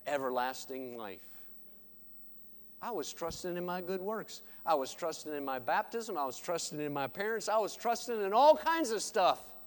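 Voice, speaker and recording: A man preaching a sermon in church, swinging from loud, driving lines to hushed, slow emphasis. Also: high-pitched, in a large hall. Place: church sanctuary.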